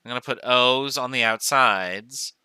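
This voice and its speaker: A man's voice: mid-range voice, unhurried, bright, forceful tone, smooth, no room sound. A man teaching chemistry in a recorded lecture, talking through each step aloud, counting as he goes and correcting himself along the way. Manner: talks through steps aloud, counting dots, with self-corrections. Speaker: chemistry professor.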